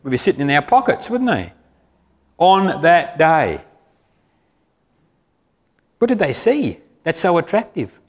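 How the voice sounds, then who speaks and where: A male preacher giving a casual, conversational sermon, often asking the listeners questions. His voice sits fairly high, and a large hall adds long reverb. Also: very animated, a little slow, pauses often. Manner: conversational, asks the congregation questions.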